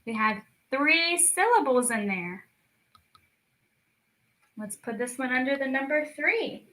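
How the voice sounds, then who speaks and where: A young woman leading a children's lesson, stretching words out slowly and cheering the kids on. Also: high voice, expressive, pushed and bright, poor audio. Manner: slow, drawn-out words for children, encouraging. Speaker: speech clinic storytime teacher. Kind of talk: children's lesson, clapping out syllables.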